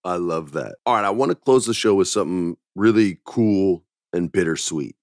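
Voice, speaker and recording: A middle-aged man hosting a podcast, chatting casually and telling stories with animated emphasis. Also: deep voice, moderate pace, no echo, clean studio sound. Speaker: podcast host. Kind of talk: casual chat.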